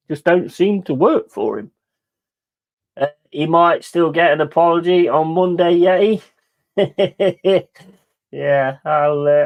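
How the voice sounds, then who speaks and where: Swearing his way through a football watch-along, a man rants on his live stream in a voice on the high side. The chat is casual, flipping from loud outbursts to mumbling asides, and the recording is dry.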